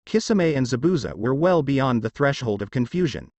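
A man narrating a fan fiction story in an expressive reading. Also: medium pitch, moderate pace, dry recording. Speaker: story reader.

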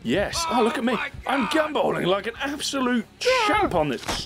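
A man giving excitable let's-play commentary, squealing and laughing as he plays. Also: very high voice, brisk, loud music behind the voice. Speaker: gaming YouTuber.

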